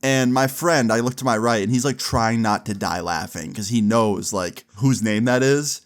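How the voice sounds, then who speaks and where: A young man in his twenties telling a comic story in a casual, animated way, with frequent swearing. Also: on the low side, moderate pace.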